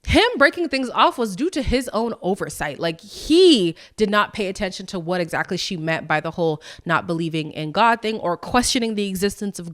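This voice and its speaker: A woman hosting a podcast, chatting in a candid, sassy way with frank asides to her listeners. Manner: lively, with quick jumps in pitch. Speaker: podcast host. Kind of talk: casual recap chat.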